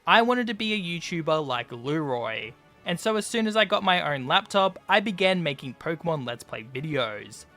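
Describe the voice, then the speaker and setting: A man's voice: on the high side, sing-song, normal speed, hardly any pauses, pushed and bright, faint music behind. A young man, a YouTuber, giving casual scripted narration over a video game, chatty and full of "like" and "you know".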